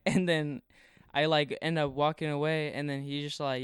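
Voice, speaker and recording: A man's voice: mid-range voice, fairly even intonation, normal speed, smooth, no echo, clean studio sound. A young man telling a story in casual talk, rambling with lots of fillers and swearing. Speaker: podcast guest.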